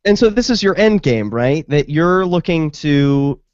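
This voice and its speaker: A man's voice: fairly high pitch, animated, a little slow, darkish tone, dry recording. A man hosting a casual talk show, chatting, asking probing questions and reading out listener comments. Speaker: show host. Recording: dry, dull lo-fi sound.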